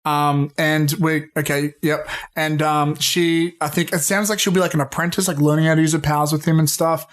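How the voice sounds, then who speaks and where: A man co-hosting a casual film podcast, excitable and swearing freely as he talks. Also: on the high side, normal speed, hardly any pauses. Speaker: podcast co-host. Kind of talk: casual pop-culture chat.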